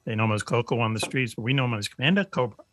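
A man's voice: mid-range voice, racing, a bit bright, a little hiss or hum. A man hosting a comedic radio talk show, teasing his co-hosts during introductions over a video call. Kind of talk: casual comedic banter.

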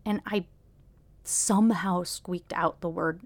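A young woman with a lowish voice tells a personal story on her podcast. She talks haltingly, with many restarts and fillers, and often sinks into a near whisper. The sound is close and dry, with no room around it. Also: dry recording. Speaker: podcast host.

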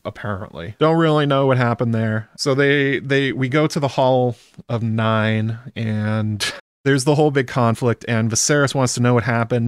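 A man's voice: mid-range voice, clean tone, no room sound, clean studio sound. A man chatting wryly through a casual episode recap, dropping the odd swear word. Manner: chatty, wry, drops occasional swear words.

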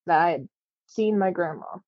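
A woman earnestly telling a personal story in a casual, halting way, with frequent fillers. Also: on the low side, darkish tone, no room sound, dull audio.

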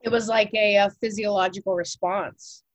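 A woman with a mid-pitched voice trades playful, slangy banter and laughs easily. It is a casual podcast, recorded on a dry, close mic. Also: fairly even intonation, normal speed, no room sound. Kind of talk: casual chat.

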